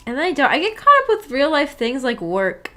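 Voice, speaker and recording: A young woman with a somewhat high voice, chatting casually to her live-stream audience. She giggles often and trips over her own sentences, restarting them as she goes. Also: huge pitch swings, fairly quick, a bit bright, faint music behind. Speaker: streamer hosting a book club.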